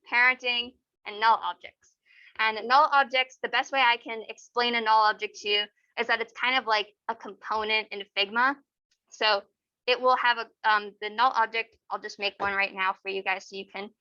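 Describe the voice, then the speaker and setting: A young woman leading a casual online software workshop, explaining step by step with many fillers. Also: on the high side, dry recording, highs cut off. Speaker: workshop instructor. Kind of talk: software tutorial over screen share.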